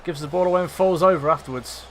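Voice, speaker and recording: A young man commentating live on his football management game, swearing and shouting at his players. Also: on the high side, fast, a little hiss or hum. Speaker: gaming commentator.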